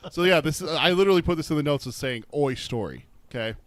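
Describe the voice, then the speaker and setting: A man co-hosting a book podcast, telling stories in an animated way, swearing and laughing as he talks. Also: fairly high pitch, fast talker. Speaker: podcast co-host. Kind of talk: casual chat.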